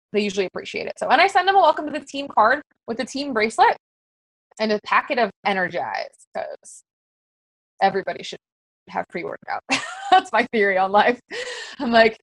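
A woman's voice: sits high, sharp tone, no echo, low-quality recording. Chatty, conversational woman coaching peers. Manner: very conversational, chatty with many fillers. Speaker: fitness business coach. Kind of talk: casual teaching talk to fellow coaches.

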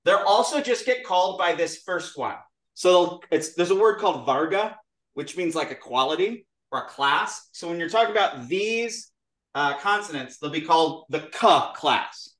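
A man teaching a lively classroom lesson, drilling sounds aloud with his students. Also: a little high, normal speed, recorded from a distance. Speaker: Sanskrit teacher. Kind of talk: classroom lesson with call-and-response. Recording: roomy echo in a classroom.

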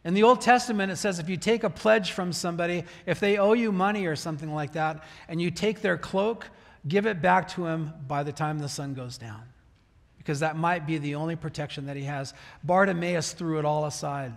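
Pastor, male, higher voice, casual preaching style with restarts, recorded in a long-reverb church hall. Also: fairly quick, gravelly. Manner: conversational preaching with restarts, acting out prayers. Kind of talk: sermon. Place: church sanctuary.

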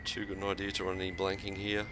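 A man, calmly talking through his sim race while driving, in short focused bursts between corners. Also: deep voice, quick pace. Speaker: sim racing streamer. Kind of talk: live racing commentary while driving. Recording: noisy game audio behind.

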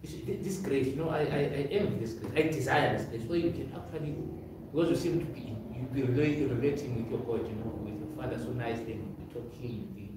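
A man asking earnest, halting questions, often repeating himself, recorded from a distance with loud music behind him. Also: mid-range voice, background noise. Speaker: interviewer. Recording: echoey room from far off, loud music behind.

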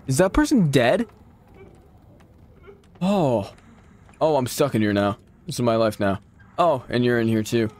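A man comments on a horror game in a slow, drawn-out way, his pitch leaping up and down as the scares come. He is jumpy and loud-mouthed, swearing at the figures and talking back to the screen. It sounds like a streamer at his desk mic. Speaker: gaming streamer.

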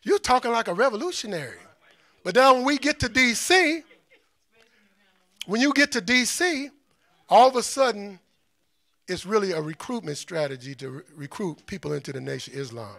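A man's voice: sits high, expressive, normal speed, creaky, pauses often, a bit bright, dry recording. A man giving an impassioned talk to an audience, blunt and scornful, firing off rhetorical questions in a preacherly cadence. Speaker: speaker on liberation.

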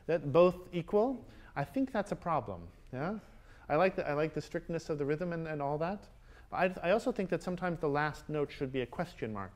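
A man teaching a master class, coaching players and singing rhythms out loud, often checking with a quick "yeah?". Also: a little high, animated. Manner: sings rhythms aloud, frequent checking "yeah?". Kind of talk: coaching musicians, singing phrases. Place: concert hall with instruments playing.

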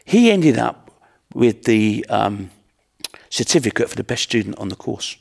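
A man's voice: on the low side, expressive, moderate pace, gravelly, long pauses, slightly rough. A middle-aged man, a martial arts instructor giving an earnest, plain-spoken storytelling talk. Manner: earnest, plain-spoken, with repeated rhetorical questions.

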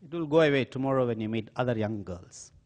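A man with an Indian accent voicing an older woman, a playful aunt, in a lively, rising voice. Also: mid-range voice, fast talker, natural voice. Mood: teasing.

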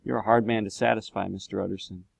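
A man's voice: fairly low pitch, little pitch movement, fast, vocal fry, no room sound, low-quality recording. A man reading aloud, voicing a worried, loyal middle-aged butler in a storybook. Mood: urgent. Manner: urgent, pleading, raised voice.

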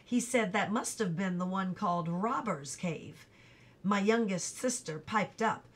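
A woman reading a chapter of a novel aloud in an even, unhurried storytelling manner. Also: mid-range voice. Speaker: audiobook reader.

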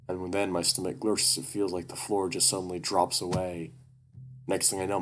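A man reading a first-person horror story aloud at a steady, even pace. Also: deep voice, a little hiss or hum. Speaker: audiobook narrator.

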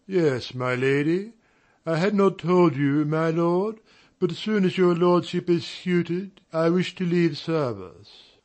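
A man playing a composed, dignified butler who answers with measured formality. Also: fairly high pitch, a little mellow.

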